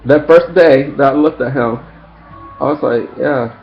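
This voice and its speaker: A man telling a personal story in a casual, rambling way, acting out friends' lines in shrill high voices. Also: unhurried, vocal fry, soft background music. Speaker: vlogger. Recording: dull lo-fi sound with faint background noise.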